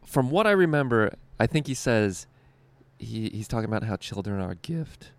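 A man's voice: on the low side, animated, moderate pace, no echo. A young man, a stand-up comedian, telling a rambling, profane story with frequent "like" and laughter. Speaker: stand-up comedian and show co-host. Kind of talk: casual storytelling.

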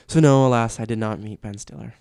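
Chatty young man, smooth clear voice. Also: medium pitch, steady tone, fairly quick, a little mellow, dry recording, clean studio sound. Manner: candid, chatty, easily laughing. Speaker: guest, sports announcer. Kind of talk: casual interview chat.

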